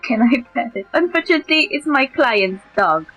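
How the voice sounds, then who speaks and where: A woman's voice: a little high, expressive, normal speed, fairly bright tone. A woman streamer, a native Polish speaker, reading game dialogue aloud and switching between character voices. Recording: dull lo-fi mic with music behind.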